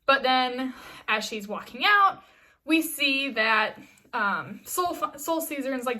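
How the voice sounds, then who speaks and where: A woman's voice: high voice, expressive, a little slow, pushed and bright. A woman casually recapping a TV episode in a chatty vlog, full of fillers and restarts. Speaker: TV episode reviewer.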